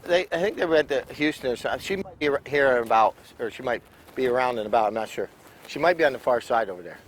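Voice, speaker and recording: A man giving live play-by-play at an outdoor polo match, excitable and chatty, climbing to shouts when a goal looks close. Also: medium pitch, fast talker, a little hiss or hum. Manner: excitable, rising to shouts on near goals, chatty asides to the crowd.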